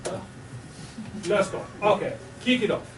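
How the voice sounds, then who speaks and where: A man's voice: sits high, lively intonation, unhurried. A man hosting a live improv show, chatty and coaxing, laughing often as he sets up games. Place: small improv theater stage. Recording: roomy, distant, noisy live recording.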